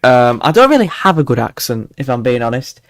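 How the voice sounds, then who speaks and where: A man from Yorkshire, England, with a mild accent hosts a live weather forecast stream, chatty and rambling with many fillers and restarts. His mid-range voice swings widely in pitch, he talks fairly quickly, and the tone is a bit bright with no room sound.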